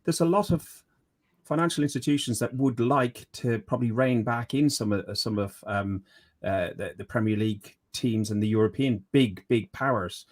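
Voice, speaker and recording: A man's voice: medium pitch, normal speed. A man in casual podcast chat, hesitant, often trailing off and restarting his sentences. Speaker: podcast guest.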